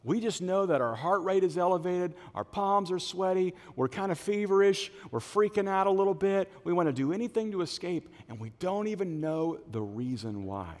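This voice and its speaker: A man's voice: sits high, normal speed, hardly any pauses. A middle-aged male pastor preaching a sermon in a church auditorium, telling stories and acting out the voices of the people in them. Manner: animated storytelling, acts out quoted voices. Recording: long hall reverb.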